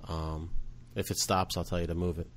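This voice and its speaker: A man co-hosting a podcast in casual chat, joking and teasing his partner. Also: low voice. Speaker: podcast co-host.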